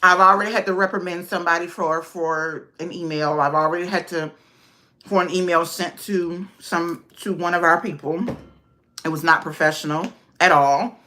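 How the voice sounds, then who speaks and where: A woman's voice: on the low side, steady tone, normal speed, bright, forceful tone. A woman vlogger chatting casually on a livestream, talking to viewers by name.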